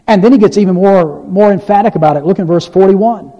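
A man pastor preaches with earnest weight, his voice somewhat high yet mellow and dark in tone. He reads scripture with mounting emphasis. The sound is dull and lo-fi, with a long reverb from the church hall around him. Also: quick pace, few pauses. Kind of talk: sermon. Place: church sanctuary.

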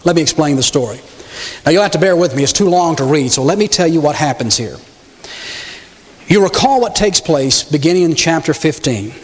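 A man's voice: fairly high pitch, lively intonation, a little fast. A man preaching a sermon, telling a story emphatically and speaking directly to his congregation. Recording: long hall reverb.

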